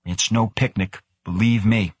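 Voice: mid-range voice, steady tone, unhurried, slightly rough, no echo. A man voicing a tired, worried controller who speaks in a subdued, earnest way.

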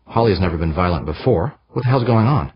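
A man voicing a steady, practical male friend who talks things through level-headedly. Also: low-pitched, fast talker, breathy edge, dry recording, muffled recording, heavily acted. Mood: concerned.

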